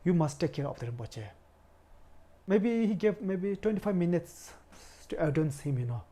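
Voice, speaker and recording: A man in his forties from India, a Buddhist lama, telling his life story in a halting way, searching for words and often saying "you know". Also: sits high, animated, mellow. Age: 40s. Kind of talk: personal storytelling interview.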